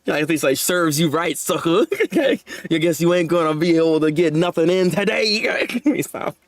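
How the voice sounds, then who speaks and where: A young man hosting a live manga chapter reaction, animated and laughing often as he talks to his viewers. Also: on the high side, moderate pace, dry recording.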